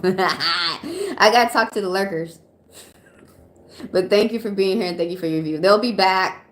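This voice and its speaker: A woman's voice: mid-range voice, animated, measured pace, echoey room. An American woman from Atlanta doing casual tarot readings on a live stream, chatty and rambling with many fillers and frequent laughs. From Atlanta, USA. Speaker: tarot reader.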